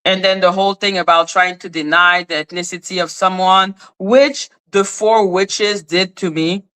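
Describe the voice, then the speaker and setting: A woman hosts a livestream, ranting bluntly, sarcastically, and confrontationally as she answers her chat. Her voice is lowish, steady, slightly bright, and clean in tone, at a moderate pace, though the recording itself is rough.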